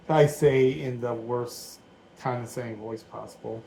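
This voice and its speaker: Man in his forties, relaxed build-along vlogger, chatty and meandering, average-pitched voice, dim room at home. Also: a little slow, vocal fry, slight background noise, low-quality recording. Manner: rambling, thinking aloud, easygoing. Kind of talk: casual build commentary.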